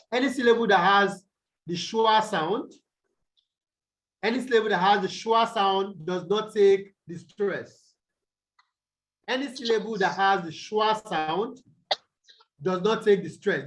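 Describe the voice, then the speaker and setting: A man's voice: high-pitched, fairly bright tone, rough recording. A Nigerian man teaching English over a video call, repeating points and quizzing his students with "what?" prompts. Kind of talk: online tutorial lecture.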